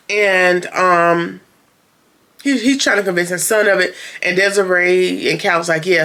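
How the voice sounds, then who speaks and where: Creaky-voiced casual TV recapper. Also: mid-range voice, fairly bright tone. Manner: chatty, retells scenes with quoted lines and frequent "um" and "like". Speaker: TV show reviewer.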